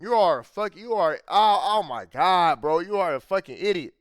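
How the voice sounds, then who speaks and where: A man's voice: high-pitched, expressive, moderate pace, dry recording, clean studio sound. A man hosting a reaction video, talking in a heated, profane way, repeating himself and saying "bro" after nearly every phrase. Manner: repeats phrases and restarts when worked up. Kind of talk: casual reaction commentary.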